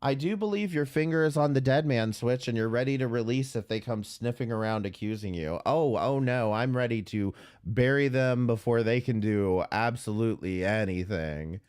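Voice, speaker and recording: With hardly a pause, a streamer vents his rage during livestream commentary, blunt and loaded with profanity, stammering into restarts as he heats up. The voice is medium-pitched, darkish, clear and resonant, at a moderate pace.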